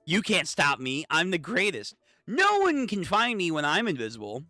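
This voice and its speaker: A man voicing a cocky, invisible young male spy who boasts and taunts, in a bright, lively voice. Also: fairly high pitch, normal speed, no echo, clean studio sound, faint music behind, voice pushed up, heavily acted. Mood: boastful.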